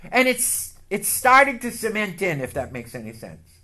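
A man preaching a sermon and telling a personal story, emotional and building to loud outbursts. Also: sits high, big pitch swings, normal speed. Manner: emotional, building to shouts, leads call-and-response. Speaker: pastor. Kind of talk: sermon with testimony.

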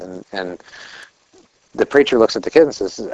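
A man's voice: lowish voice, expressive, fast talker, creaky, dull audio. A middle-aged man preaching a conversational sermon, asking rhetorical questions and telling anecdotes. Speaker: pastor.

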